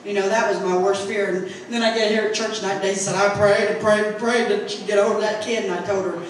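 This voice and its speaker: A woman's voice: medium pitch, fairly even intonation, fast. A middle-aged woman with a Southern Indiana accent giving a folksy church testimony, acting out quotes and laughing often as she tells her story in the sanctuary. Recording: echoey church from far off, noisy.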